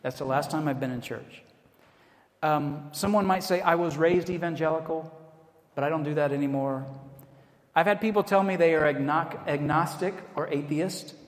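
An American pastor preaches a sermon at a moderate pace in a relaxed, conversational manner, slipping in self-deprecating asides. His voice is a bit high for a man, and the audio carries the long, echoing reverb of a large hall.

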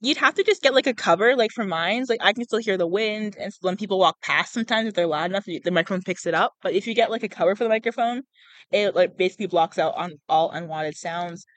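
A woman's voice: medium pitch, quick pace, no echo, poor audio. Young woman reading aloud, stumbling. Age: young adult. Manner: stumbles over words, laughs often, says "like" a lot. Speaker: podcast host reading a book aloud. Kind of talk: casual read-aloud with chat. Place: outdoors in a public spot. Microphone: cheap small microphone.

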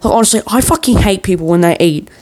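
A man's voice: sits high, fast, a little mellow, a little hiss or hum. A man in a worked-up, profane ranting monologue, swearing nearly every sentence as a vlogger.

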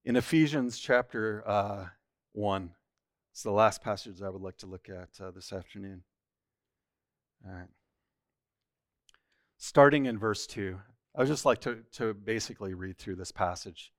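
A man teaching scripture at a church study, reading a passage aloud and then explaining it in earnest, plain words. His voice sits fairly low. The sound is dry and close, with no room echo. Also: a little slow, pauses often. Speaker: Bible teacher.

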